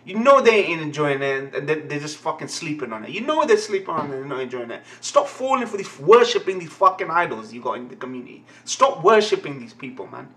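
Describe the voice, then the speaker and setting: A young man giving a live anime reaction, excitable and ranting, swearing constantly. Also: fairly high pitch, brisk, few pauses. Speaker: anime reaction channel host.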